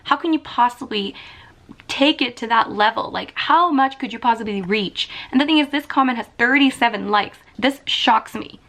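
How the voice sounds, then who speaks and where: A woman's voice: fairly high pitch, normal speed, fairly bright tone. A young woman from Canada ranting to camera in a vlog, exasperated and emphatic, firing rhetorical questions. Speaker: YouTuber.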